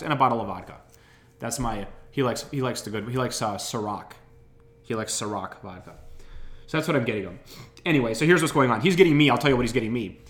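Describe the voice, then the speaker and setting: A man's voice: medium pitch, fairly bright tone. A man hosting a podcast, telling a rambling, wry, complaining story while getting over an illness. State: recovering from illness. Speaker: podcast host. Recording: roomy echo.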